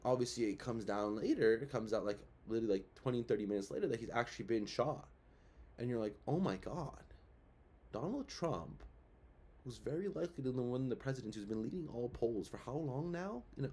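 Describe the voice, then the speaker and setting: A man's voice: mid-range voice, animated, a little fast, darkish tone, breathy edge. A young man hosting his own show, talking through his views in a rambling, casual way, full of fillers and rhetorical questions. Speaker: show host. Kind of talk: casual commentary.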